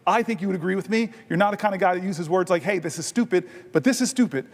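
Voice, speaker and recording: High-voiced man telling stories in a chamber. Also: fast talker, creaky. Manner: personal storytelling with self-deprecating humor. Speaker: senator holding the floor. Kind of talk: extemporaneous floor speech. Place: large legislative chamber. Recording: long chamber reverb.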